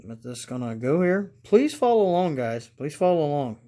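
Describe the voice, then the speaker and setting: A man hosting a casual hobby review video, talking slowly and rambling, getting excited and calling out to his viewers as guys. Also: on the high side. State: congested from allergies. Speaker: model railroad channel host.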